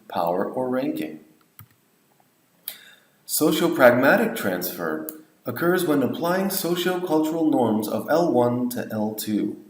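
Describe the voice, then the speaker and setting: A man's voice: mid-range voice, roomy sound, low-quality recording. A man lecturing on language teaching, explaining points and modeling example phrases. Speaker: English teacher trainer.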